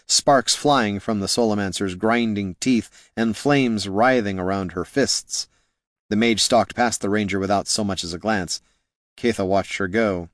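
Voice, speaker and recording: A man narrating a fantasy novel in a steady, measured way. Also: lowish voice, no room sound, clean studio sound. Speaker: audiobook narrator.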